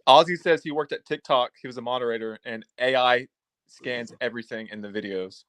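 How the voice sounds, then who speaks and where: A man hosting a casual livestream chat, talking in animated bursts that swing from loud to soft. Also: mid-range voice, fairly quick, dry recording, low-quality recording. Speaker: livestream host.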